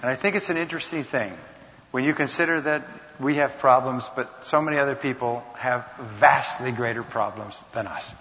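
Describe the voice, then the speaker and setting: A man's voice: mid-range voice, a little fast. Man, motivational lecture, emphatic delivery, long hall reverb, muffled lo-fi sound. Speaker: speaker on communication.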